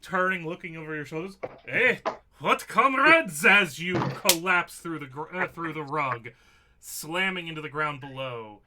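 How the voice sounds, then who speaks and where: A man's voice: a little high, moderate pace, background noise. A man narrating a tabletop game as game master, with wry, theatrical descriptions.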